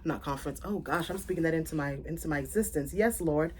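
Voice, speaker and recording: A woman raised in South Florida, talking casually to her viewers in a vlog, animated and chatty, laughing and correcting herself as she goes. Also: deep voice, quick pace, slight background noise. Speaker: content creator.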